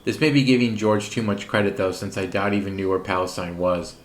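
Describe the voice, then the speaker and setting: A man's voice: on the low side, fairly even intonation, quick pace. A man hosting a commentary series, narrating a script with sarcastic, mocking asides.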